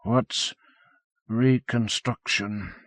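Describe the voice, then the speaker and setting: A man voicing a gravely injured, blind man who speaks faintly in halting bits of a few words. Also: fairly low pitch, a bit bright, no echo, clean studio sound, exaggerated voice. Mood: weak.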